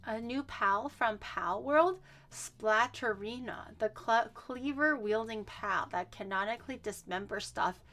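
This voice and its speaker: Her voice is a little high as this VTuber streamer chats through a cooking session. Animated and laughing readily, she throws in casual swearing and self-deprecating humor.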